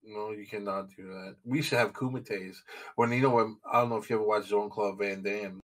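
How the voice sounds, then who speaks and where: A man's voice: lowish voice, steady tone, fairly quick. A man from New City, a podcast guest talking bluntly in street slang. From New York City. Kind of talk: casual chat.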